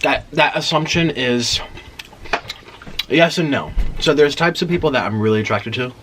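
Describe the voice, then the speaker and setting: A man's voice: medium pitch, moderate pace, noisy background. A man hosting a mukbang at home late at night, chatting casually to camera while chewing and eating between words. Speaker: mukbang host.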